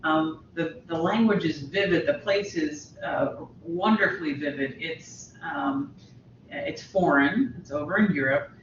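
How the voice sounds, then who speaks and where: A woman's voice: deep voice, expressive, measured pace, a little hiss or hum. Chatty woman instructor in a roomy space. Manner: chatty, with fillers and restarts. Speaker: college literature instructor. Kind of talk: casual lecture to students. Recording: roomy, distant, dull lo-fi audio.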